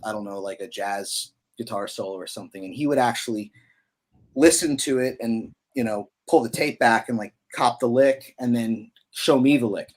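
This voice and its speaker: A man's voice: medium pitch, normal speed. Chatty man in his thirties. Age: 30s. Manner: loose and chatty, many fillers and slang. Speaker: podcast guest, musician. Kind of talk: casual storytelling.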